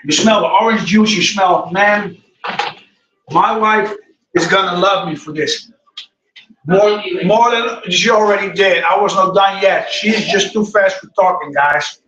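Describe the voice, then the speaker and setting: A man's voice: high voice, a little slow, fairly bright tone. A middle-aged man, hosting a casual live cooking stream and chatting to viewers in a rambling way. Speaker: cooking show host. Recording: echoey room, mic far off.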